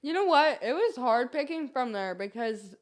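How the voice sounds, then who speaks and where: A woman who is a guest on a podcast, making playful, drawn-out remarks in a casual chat. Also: sits high, big pitch swings.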